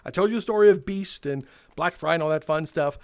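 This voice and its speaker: High-voiced animated young man storyteller. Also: fast, clean tone. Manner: animated, laughing, swearing. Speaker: gaming video host telling a retail story. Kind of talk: casual storytelling over gameplay.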